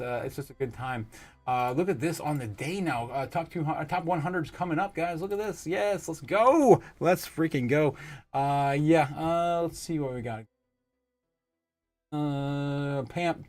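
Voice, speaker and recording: A man hosting a casual livestream, chatting and reading viewer comments aloud in an excitable, laughing way. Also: fairly high pitch. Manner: chatty and excitable, quick laughs and bursts of loudness. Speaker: livestream host.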